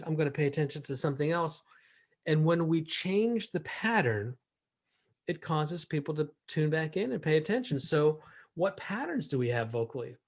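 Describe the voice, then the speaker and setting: A man presenting a sales training session, shifting his volume and pace to demonstrate vocal techniques. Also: fairly high pitch.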